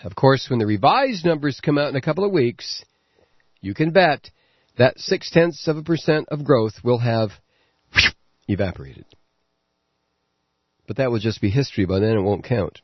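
Man, talk radio host, sarcastic political monologue, husky tone, dry muffled lo-fi sound. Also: medium pitch. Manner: sarcastic, animated, halting with many fillers.

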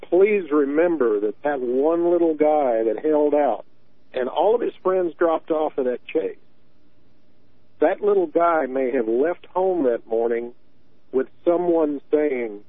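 This is a call-in radio caller, a Tennessee man in his early sixties, whose voice sits a little high as he takes things slowly. He speaks earnestly and often repeats himself while making his case. The tinny phone line is dry, with no echo.

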